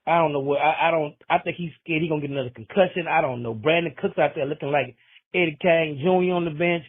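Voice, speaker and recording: A man's voice: a little high, fast, slightly rough. A man leaving a rambling, joking voicemail full of slang. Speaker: voicemail caller. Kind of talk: casual phone message. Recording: tinny phone line.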